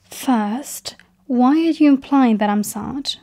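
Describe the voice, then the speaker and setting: A woman talking to her viewers in a personal monologue. She speaks softly, often slipping into a breathy half-whisper, and lays slow, deliberate stress on key words. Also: high-pitched. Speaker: vlogger.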